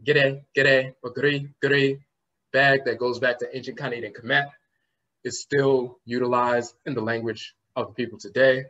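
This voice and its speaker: Lecturing at a conference at a moderate pace, a man explains word origins and spells terms letter by letter, frequently ending with "and so forth." His mid-range voice is sharp in tone with little pitch movement, heard through a slightly muffled lo-fi recording.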